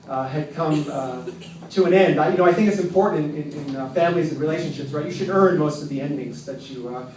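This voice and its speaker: A man telling a personal story live at an open mic in a tavern, with a wry, self-mocking, halting delivery. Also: fairly high pitch, a little mellow. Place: tavern with an audience. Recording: roomy, distant, faint background noise.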